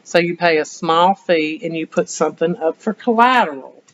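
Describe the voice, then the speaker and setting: A woman history teacher giving an animated classroom lecture, firing rhetorical questions at her students, in a dull lo-fi classroom recording. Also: fairly low pitch, normal speed.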